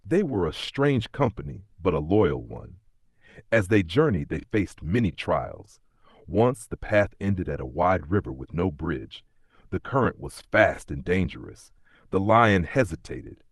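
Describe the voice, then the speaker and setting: Deep-voiced guy reading a fairy tale, lively ups and downs, dry close mic. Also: unhurried, no room sound. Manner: calm, storybook telling. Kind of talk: scripted narration.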